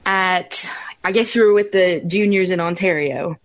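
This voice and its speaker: A woman co-hosting a podcast, asking questions in a giggly, halting way without a regional accent. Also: fairly low pitch, no room sound. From Alabama. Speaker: podcast co-host. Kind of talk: casual podcast interview.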